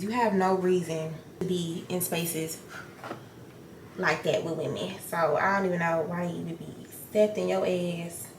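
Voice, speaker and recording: A young woman talks straight into the camera while getting ready, blunt and full of profanity, acting out what people said. Her voice sits at a middle pitch and bounces around an echoey room with a faint hum of ambient noise behind it. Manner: blunt, profane, animated retelling with acted-out quotes. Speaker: beauty vlogger.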